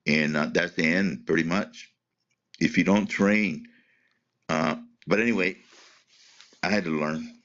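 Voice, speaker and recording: A man speaks slowly in a bright, forceful voice, stopping and starting as he recounts his story, repeating his words. The recording sounds muffled and lo-fi. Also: low voice. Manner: halting, repeats words, restarts sentences. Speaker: interviewee, retired Air Force veteran. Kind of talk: emotional personal account in an interview.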